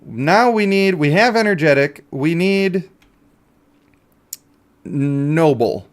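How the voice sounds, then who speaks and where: A male streamer chatting through a mobile game, joking and talking to himself and his viewers. His voice sits somewhat high for a man and stays relaxed and casual. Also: slow pace. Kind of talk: casual live-stream commentary.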